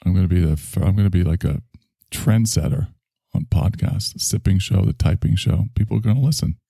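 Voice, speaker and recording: A man's voice: low voice, a little fast, creaky, mellow, breathy edge, dry recording, studio quality. A man hosting a podcast in casual chat, rambling and offhand. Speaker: podcast host.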